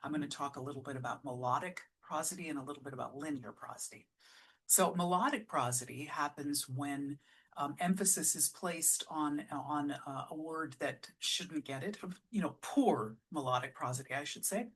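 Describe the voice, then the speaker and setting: A woman's voice: deep voice, normal speed, breathy edge. A middle-aged woman speaking to camera as an artistic director, explaining songwriting craft in a chatty, thoughtful way with frequent fillers and restarts. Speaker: artistic director giving advice on musical writing. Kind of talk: casual vlog lecture.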